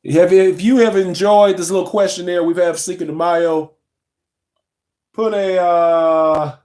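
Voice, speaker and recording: Young male streamer, slightly high voice, laid-back and chatty with the chat. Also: darkish tone. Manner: loose and chatty, reading chat aloud, yawning. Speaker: livestream host. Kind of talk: casual livestream chat.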